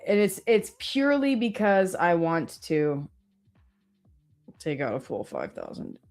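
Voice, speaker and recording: A woman's voice: lowish voice, very animated, a little slow, darkish tone. A woman co-hosting a live stream, chatting casually and self-deprecatingly, often quoting her own thoughts. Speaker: co-host trading live. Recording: faint music behind.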